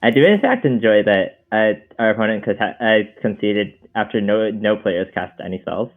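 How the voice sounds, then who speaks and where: A man's voice: fairly low pitch, expressive, moderate pace, phone-quality sound. A man co-streaming a card game, talking in short, hesitant remarks and reluctantly going along. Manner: hesitant, terse, reluctant agreement. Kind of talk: casual gameplay chat.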